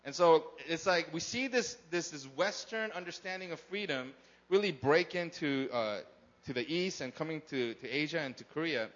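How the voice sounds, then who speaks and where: A man's voice: fairly high pitch, animated, moderate pace, fairly bright tone, dull audio. A man preaching a sermon to his congregation, talking casually and often asking the crowd questions. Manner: conversational, asks the crowd questions. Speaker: pastor. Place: church in Korea.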